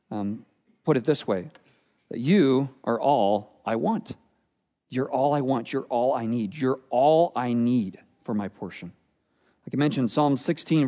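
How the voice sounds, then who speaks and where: A pastor preaching a sermon with earnest, expressive delivery, often dropping to a quiet, intense tone. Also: male voice, medium pitch. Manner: earnest, expressive preaching with dramatic drops in volume. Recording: long hall reverb.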